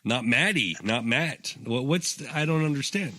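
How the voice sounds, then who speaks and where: A man's voice: medium pitch, expressive, normal speed, bright, forceful tone. A male radio host on a comedy show, teasing and pushing his guest. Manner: teasing, pushy interviewer.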